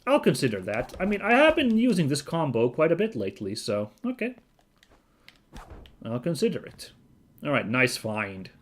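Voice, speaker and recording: A man's voice: medium pitch, wildly swooping pitch, moderate pace. A man hosting a casual let's-play video, chatty and thinking aloud with frequent fillers and self-corrections. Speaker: gaming video host.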